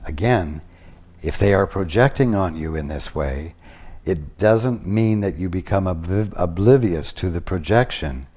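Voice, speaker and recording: Slow, deep-voiced man teaching spirituality. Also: expressive, a little mellow. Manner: measured, deliberate, with long pauses. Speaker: spiritual teacher channeling at a study group.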